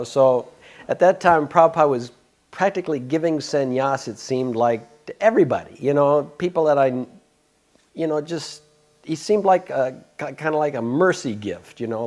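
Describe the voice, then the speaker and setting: A man's voice: mid-range voice, a little mellow. An older man in a casual interview, telling a long personal story with many fillers, restarts and chuckles. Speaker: devotee sharing memories.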